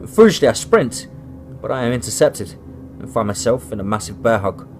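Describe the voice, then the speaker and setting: A man reading a first-person horror story aloud, dramatic and rising to shouts. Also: medium pitch, expressive, moderate pace, soft background music.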